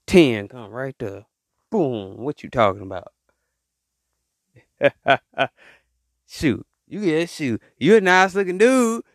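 A man's voice: medium pitch, animated, slow, pauses often, no echo, clean studio sound. A man hosting a podcast, talking in a casual, rambling motivational monologue and acting out the voices he quotes. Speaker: podcast host.

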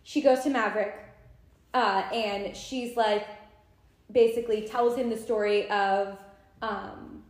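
A young woman co-hosting a podcast, recapping a novel in a casual, animated way and acting out the characters' lines. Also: mid-range voice, takes it slowly, echoey room. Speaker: podcast co-host. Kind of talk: casual chat.

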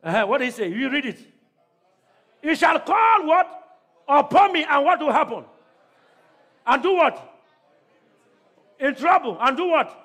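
A man preaching a sermon to a church congregation, calling out questions to the crowd and often shouting. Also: extremely high pitch, very animated, unhurried, pauses often. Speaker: pastor.

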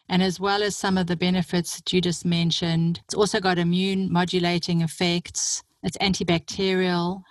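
A woman's voice: on the low side, no echo. A woman hosting an interview, talking enthusiastically at length about what she has read. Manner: enthusiastic, talkative. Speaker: summit host.

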